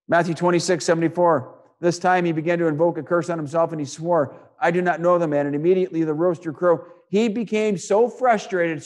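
Delivering a sermon in a voice that sits high, a man reads scripture aloud and explains it. Rhetorical questions and repeated phrases fill his speech, which rises loud and drops to a hush.

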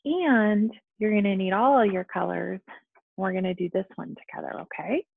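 A woman teaching young children at home over video, speaking slowly and patiently and checking in with them often. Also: mid-range voice, creaky, slightly rough. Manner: slow, patient, coaxing, frequent "okay?". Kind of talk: remote lesson to young children. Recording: dry, phone-like lo-fi sound.

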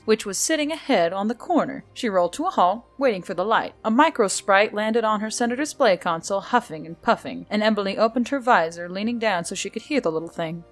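Woman reading a novel aloud. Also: medium pitch. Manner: reads steadily, breaks off to laugh and comment.

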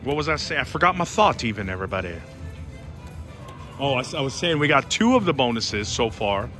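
A man giving excited running commentary on a slot machine as he plays, talking to his viewers and pleading with the machine, on a casino floor. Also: mid-range voice, fairly quick. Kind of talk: casual live commentary while gambling. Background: casino music.

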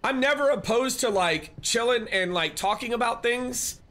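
A man's voice: extremely high pitch, expressive, normal speed, fairly bright tone. A man live-streaming, chatting casually and rambling as he answers viewers and thanks them. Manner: rambling, restarts often, reads chat aloud.

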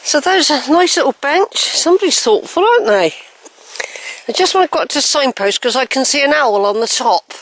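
A woman's voice: sits high, expressive, fairly quick, fairly bright tone, no room sound. A woman walking in the countryside, chatting breathlessly to her camera. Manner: chatty, coos at animals. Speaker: walking vlogger. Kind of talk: casual walking narration. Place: outdoors on a countryside walk. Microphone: handheld phone camera.

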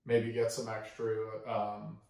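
A man's voice: on the low side, monotone, creaky, darkish tone. Laid-back young man, echoey kitchen. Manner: laid-back, joking, halting restarts. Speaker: cooking vlog co-host. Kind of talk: casual chat. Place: home kitchen. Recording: echoey kitchen, mic far off.

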